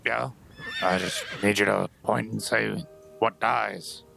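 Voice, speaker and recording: Gravelly-voiced man playing a tabletop game. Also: on the low side, fairly even intonation, slow, background noise. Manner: blunt and joking. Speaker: player.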